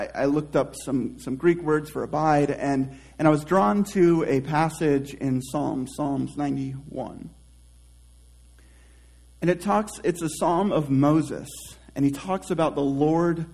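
Slow, gentle-voiced male pastor preaching. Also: a little high, low-quality recording. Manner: slow, reflective preaching with drawn-out soft phrase endings; conversational asides and self-restarts. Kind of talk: sermon.

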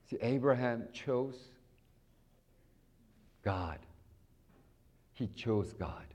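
A middle-aged man preaching a sermon, acting out prayers and dialogue, with sudden loud rises and soft low passages. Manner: acts out prayers and voices in dialogue. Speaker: pastor.

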